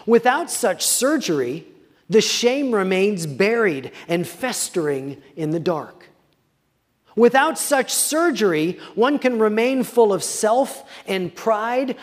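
A pastor with a high voice preaches a sermon from the pulpit, reading scripture slowly with big pitch swings and quiet, dramatic pauses. A long church-sanctuary reverb trails his words.

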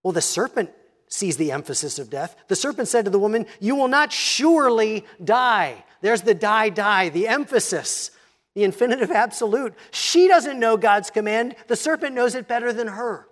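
A pastor preaching a sermon, teaching in a measured tone and reading scripture aloud. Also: mid-range voice, animated.

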